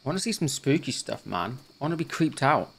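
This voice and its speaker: A man's voice: mid-range voice, very animated, fairly quick, vocal fry, slightly rough. A man hosting a gaming channel, chatting through a let's play in an easygoing way and thinking aloud as he goes.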